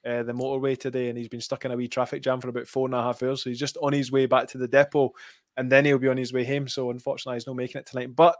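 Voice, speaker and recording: A Scottish man co-hosting a podcast, chatting casually about football with many pauses and fillers. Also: mid-range voice, dry recording, clean studio sound. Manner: relaxed, hesitant with many fillers. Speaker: podcast co-host.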